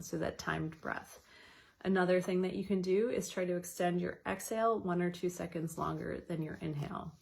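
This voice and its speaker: A woman educator giving a casual wellness talk, chatty with light laughs, guiding slow counted breathing. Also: on the low side, gravelly.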